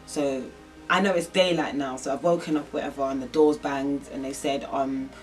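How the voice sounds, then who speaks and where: A woman's voice: extremely low pitch, steady tone, moderate pace, far from the mic, soft background music. A young woman telling a personal story in a vlog, rambling and emotional with lots of fillers. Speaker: vlogger.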